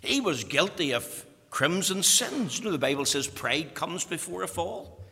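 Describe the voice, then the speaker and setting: A man preaching a fervent sermon, swinging between loud declarations and hushed whispers. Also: a little high, lively intonation, measured pace, gravelly, slightly rough, long reverb tail.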